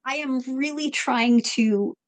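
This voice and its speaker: A woman's voice: high voice, slow. A woman speaking as a guest in a podcast interview, talking in a thoughtful, reflective way. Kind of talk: interview conversation.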